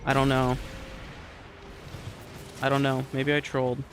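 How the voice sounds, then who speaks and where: A man's voice: mid-range voice, monotone, measured pace, slight background noise. A young man playing a video game and ranting angrily, swearing often about losing a fight. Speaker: gamer streamer. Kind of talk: casual gameplay rant.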